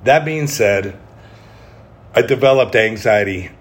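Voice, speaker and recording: A man's voice: on the low side, slow pace. A middle-aged man hosting a solo podcast, talking candidly in a rambling way with self-deprecating humor. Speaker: podcast host.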